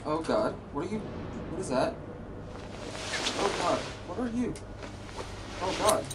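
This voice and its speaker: Man, horror let's play commentary, headset mic, jumpy, talks to the monsters, very animated pitch, loud background noise. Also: slow. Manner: jumpy, talks back to game monsters, yelps when startled. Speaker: gaming channel host. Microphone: gaming headset.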